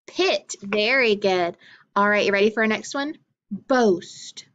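A woman teacher leads young children through a phonics drill at an unhurried pace. She sounds out each letter and vowel carefully, with steady encouragement. The recording is slightly dull and lo-fi. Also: medium pitch. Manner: slow, clearly enunciated, encouraging praise.

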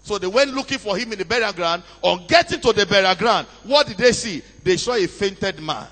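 A man delivers a dramatic sermon, his high voice ringing out. He tells the story with energy and keeps calling on the congregation to answer back. The recording carries the long reverb of a large hall. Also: expressive, brisk, fairly bright tone. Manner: dramatic, call-and-response with congregation. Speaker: preacher.

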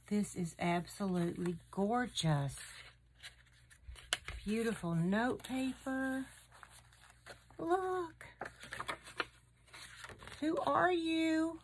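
A high-pitched woman unpacks gifts and gushes over every piece in an unhurried, drawn-out way. She exclaims often, and faint noise hums under the recording. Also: animated. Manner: gushing, exclaiming over each item. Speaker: craft channel host. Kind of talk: unboxing a gift swap.

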